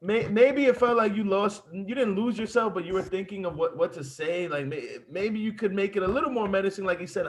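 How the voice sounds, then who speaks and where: Guy on a call giving notes, kinda hesitant, high voice. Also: a little fast, few pauses, a little hiss or hum. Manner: hesitant, searching for words. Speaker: wrestling student. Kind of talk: casual feedback.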